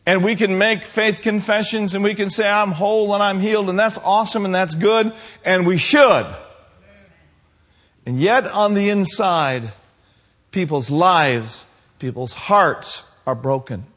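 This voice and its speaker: A man preaching a sermon to his congregation, building to shouted passages and calling for responses. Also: high voice, unhurried. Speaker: pastor.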